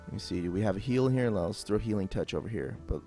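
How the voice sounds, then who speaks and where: A man with a lowish voice walks through a video game tutorial in an easygoing, off-the-cuff voice-over. He rambles a bit and leans on fillers. Soft music plays faintly underneath. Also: lively intonation, fast talker. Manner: casual and rambling, with many fillers. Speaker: gameplay tutorial host.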